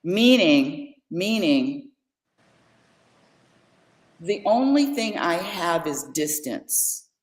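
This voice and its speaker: Older lady with a low voice telling jokey stories, lots of repeats, roomy echo. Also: extremely slow, pauses often. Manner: joking, animated, repeats words often. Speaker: podcast co-host, mother. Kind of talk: casual storytelling chat. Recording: echoey room.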